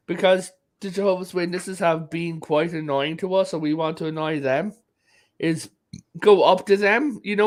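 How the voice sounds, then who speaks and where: A man from Europe in a casual chat, telling funny stories and acting out the quotes, laughing often. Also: high-pitched. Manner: animated storyteller, acts out quotes, laughs often.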